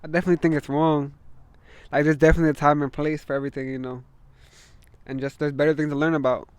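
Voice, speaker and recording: A man's voice: on the high side, little pitch movement, clean tone, dry recording. A young man chatting casually as a guest, rambling and slangy, trailing off and restarting. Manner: rambling, slangy, fast-talking. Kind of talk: casual chat.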